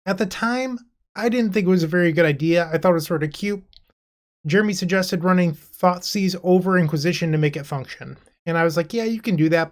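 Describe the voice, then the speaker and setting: Young male channel host, casual gaming chat, blunt and a bit exasperated. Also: fairly high pitch. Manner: frank, slightly exasperated, talks straight to viewers. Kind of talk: casual gaming commentary to camera.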